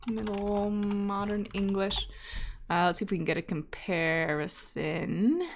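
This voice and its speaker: A woman hosting a live coding stream, talking casually and thinking aloud with frequent fillers and asides, now and then reading viewer chat aloud. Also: on the low side. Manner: reads chat messages aloud. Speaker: data scientist live-coding host.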